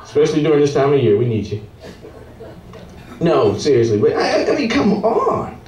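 A man's voice: fairly high pitch, normal speed, slight background noise. A man doing a stand-up comedy set, telling hotel stories and acting out the guests. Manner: animated storytelling, acting out hotel guests and singing waiters. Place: comedy club stage. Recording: roomy club sound from a distant mic.

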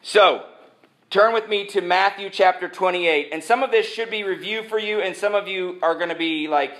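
A man preaching a sermon, animated and joking, who jumps from point to point. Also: high voice, normal speed. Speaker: pastor. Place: church sanctuary. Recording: echoey church sanctuary.

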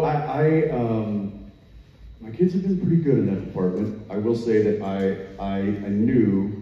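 A man's voice: sits low, mellow, slight background noise. A man on a convention panel chatting in a wry, joking way with hesitant restarts. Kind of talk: casual chat. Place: convention hall stage. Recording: echoey hall from far off, dull.

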